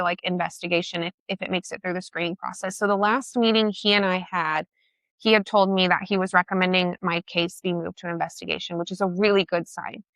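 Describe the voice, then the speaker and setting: A woman tells her story with blunt, emotional emphasis and the odd swear word. Her voice is bright and forceful. The sound is close and dry, with no room in it. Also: medium pitch, no room sound. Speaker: guest. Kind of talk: personal storytelling in conversation.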